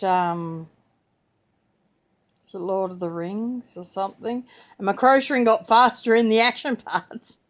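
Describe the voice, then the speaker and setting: An older woman chatting in an easygoing, rambling way. She talks at a slow, unhurried pace and breaks into playful voices whenever she repeats what someone said. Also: medium pitch. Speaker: vlogger. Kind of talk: casual chat.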